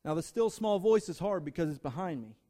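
A man with a notably high voice delivers a sermon to a congregation, speaking emphatically. He stacks up short, punchy phrases in rhythmic lists and addresses the people in front of him directly. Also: expressive, brisk, warm tone. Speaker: guest preacher. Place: church before a congregation.

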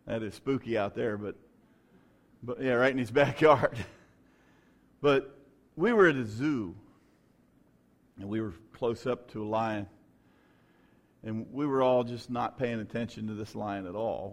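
A male pastor preaching a sermon, moving between quiet storytelling and loud, shouted preaching. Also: lowish voice, gravelly.

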